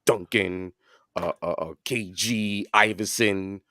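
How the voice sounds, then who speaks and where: Rambling low-voiced man talking sports. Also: steady tone, slow, bright, forceful tone, no room sound. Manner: rambling, many fillers and restarts. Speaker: podcast co-host. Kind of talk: casual sports chat.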